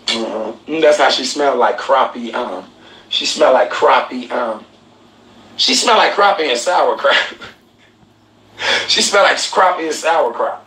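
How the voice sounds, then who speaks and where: A man's voice: medium pitch, animated, slow pace, long pauses, sharp tone, recorded from a distance. A man hosting a live stream, telling a story in a casual, profane way, mocking people and laughing at his own insults. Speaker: live-stream podcast host. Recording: roomy, off-mic, faint noise.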